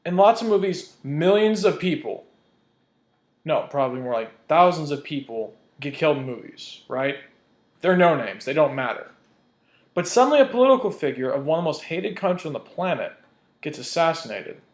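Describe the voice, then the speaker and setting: A man's voice: fairly high pitch, big pitch swings, normal speed. A man ranting in a vlog, heated and profane, hammering his points with emphasis. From United States. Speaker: vlogger. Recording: roomy echo.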